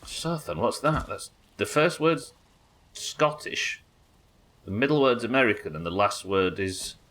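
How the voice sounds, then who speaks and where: A man's voice: lowish voice, expressive, a little slow, fairly bright tone. A British man giving casual, chatty, sweary commentary while he plays and builds in a game. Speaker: game streamer. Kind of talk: casual let's-play commentary.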